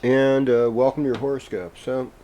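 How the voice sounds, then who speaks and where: Mellow-voiced man giving horoscopes. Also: medium pitch, steady tone. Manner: meandering and gentle, with many pauses and fillers. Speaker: astrologer host. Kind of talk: casual spoken horoscope reading.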